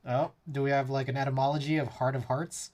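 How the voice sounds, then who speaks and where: A man talks loosely to his live chat while working through a keyboard build. His pitch sits in a mid range, and he rambles with lots of "like" fillers and frequent chuckles. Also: level tone, fast, a little mellow. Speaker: livestreamer.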